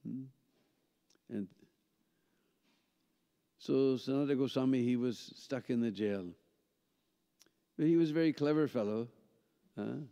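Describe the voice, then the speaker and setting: A man's voice: mid-range voice, measured pace, creaky, long pauses, mellow, smooth. A man tells a story at a seminar, checking in with listeners by asking "hmm?" and "huh?" as he goes. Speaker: seminar speaker. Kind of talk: storytelling lecture. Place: temple hall. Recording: dull sound with long hall reverb.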